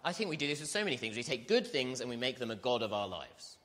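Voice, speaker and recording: A man's voice: medium pitch, big pitch swings, fast talker, fairly bright tone. A man preaching a sermon, talking conversationally and asking his listeners questions. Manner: conversational, asks the congregation questions.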